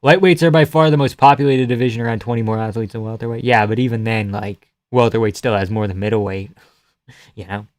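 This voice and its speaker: A man streaming live and reacting to a fight card in an offhand, profane way. He reads chat messages aloud and answers them with quick jokes and loose banter. His voice sits at an ordinary middle pitch for a man. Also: dry recording. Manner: casual and profane, reading chat aloud, joking.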